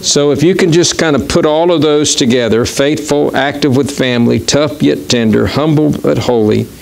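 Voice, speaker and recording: A middle-aged man preaching a sermon as pastor in a church, talking conversationally and haltingly with many fillers and restarts. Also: fairly high pitch, vocal fry.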